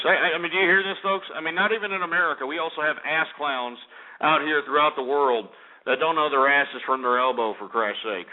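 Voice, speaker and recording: A man's voice: fairly high pitch, fairly quick. A man hosting a call-in radio talk show, ranting and insulting his callers with lots of uh's. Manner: ranting and insulting callers, many filler sounds. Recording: tinny phone-like audio.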